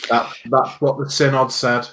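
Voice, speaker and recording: A man casually playing a tabletop game, relaxed and laughing often. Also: medium pitch, measured pace, creaky. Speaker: player.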